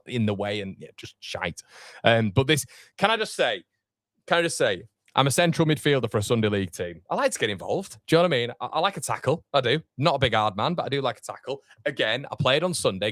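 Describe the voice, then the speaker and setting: A man's voice: lowish voice, a bit bright, dry recording, clean studio sound. A man, hosting a fan watchalong live stream, chatting casually and rambling with fillers as he reads comments. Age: 30s. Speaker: fan channel watchalong host.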